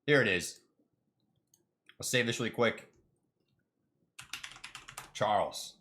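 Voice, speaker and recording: A young man chatting casually on his stock trading livestream, excitable, jokey and full of slang. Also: medium pitch, normal speed.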